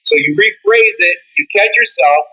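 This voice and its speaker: A man's voice: high-pitched, normal speed, sharp tone, slightly rough, lo-fi sound. A man talking as a podcast guest, emphatic and punchy like a coach, swearing casually as he makes his points. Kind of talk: energetic motivational interview talk.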